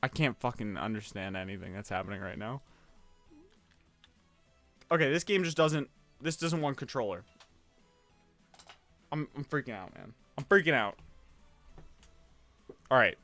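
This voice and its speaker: Soft music plays behind this young adult from the United States as he livestreams a game from home. His mid-range voice is animated and fairly bright, at a moderate pace with frequent pauses, and he rambles, curses, gets flustered easily and pokes fun at himself.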